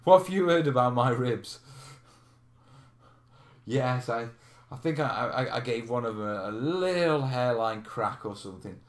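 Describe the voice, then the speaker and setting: A man's voice: mid-range voice, animated, measured pace. A man hosting a live question stream, chatting casually, laughing and reading out viewer comments. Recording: roomy echo.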